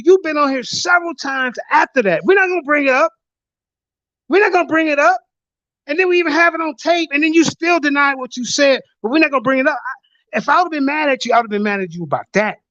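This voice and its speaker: Blunt, lively-voiced male panel moderator. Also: very high-pitched, no room sound. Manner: blunt, profane, repeats himself. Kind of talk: heated online panel argument. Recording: dull lo-fi audio.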